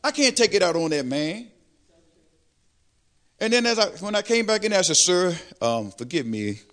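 An older man preaching a testimony sermon, animated, swelling louder on praise lines. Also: on the high side. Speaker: lay preacher.

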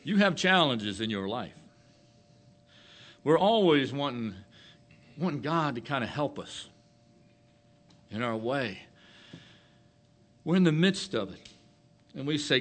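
Very animated, this medium-pitched preacher moves through his sermon at a slow, emphatic pace. Loud declarations give way to near-whispered phrases and back again.

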